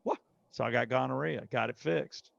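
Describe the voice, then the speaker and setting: A middle-aged man, a guest comedian, telling bawdy stories in a brash, animated way. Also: a little high, brisk, no room sound, dull audio. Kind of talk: casual storytelling.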